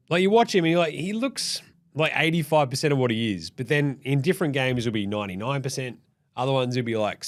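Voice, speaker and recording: A man hosting a casual, sweary sports recap. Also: mid-range voice. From Australia. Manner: sweary, blunt, animated. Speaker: host.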